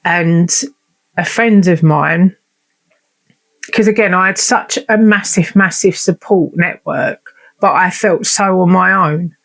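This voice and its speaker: A woman's voice: fairly low pitch, takes it slowly, creaky. A woman telling a personal story in a vlog, candid and unfiltered, swearing and acting out remembered conversations. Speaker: vlogger.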